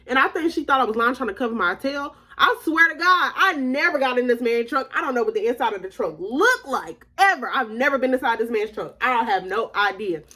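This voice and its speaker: A woman's voice: fairly high pitch, expressive, fairly quick, few pauses, sharp tone. A young adult woman telling her viewers a story in a slangy, casual storytime, often laughing as she talks. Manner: chatty and slangy, addressing viewers as y'all.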